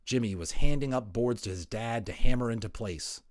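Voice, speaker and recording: A man's voice: medium pitch, a little fast, darkish tone, no echo, clean studio sound. A man narrating a children's picture book aloud, adding chatty asides. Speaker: voice actor narrator.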